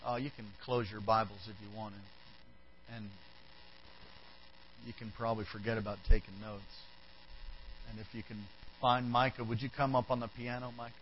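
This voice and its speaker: A man's voice: medium pitch, moderate pace, pauses often, lo-fi sound, a little hiss or hum. A man preaching a sermon, telling a Bible story with acted-out voices and asides. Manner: animated, acts out characters, talks to the band. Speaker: pastor. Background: soft band music.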